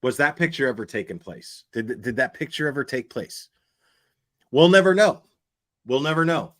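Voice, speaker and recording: A man's voice: medium pitch, lively intonation, brisk, fairly bright tone. A man hosting reaction commentary, blunt and profane, hammering his points over and over. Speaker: commentary channel host.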